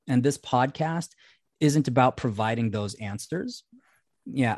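A man's voice: mid-range voice, darkish tone, no room sound. A man co-hosting a casual podcast, laying out his view at length after reading a listener's email. His voice sits in a middle register. The sound is dry and close, with no room around it. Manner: reads listener mail aloud, then explains his view at length. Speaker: podcast co-host.

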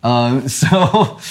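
A man's voice: mid-range voice, husky. A man hosting a podcast in casual chat, laughing often and filling with ums. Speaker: podcast host.

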